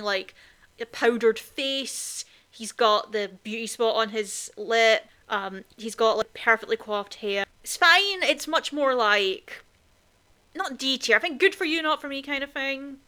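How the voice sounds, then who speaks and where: A woman co-hosts a casual film podcast in a bright, slightly high voice. She talks in a chatty, opinionated way and drops in plenty of "like" fillers. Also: smooth. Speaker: podcast co-host.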